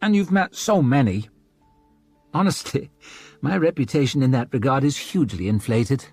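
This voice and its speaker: A man's voice: mid-range voice, expressive, moderate pace, vocal fry, a little mellow, slightly rough, soft background music. A man voicing a self-mocking young crown prince with a flippant, boyish manner.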